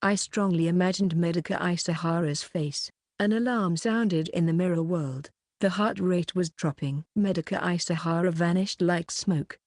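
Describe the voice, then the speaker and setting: Woman audiobook narrator, low-ish, dry close sound, steady first-person reading. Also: moderate pace, hardly any pauses, no room sound.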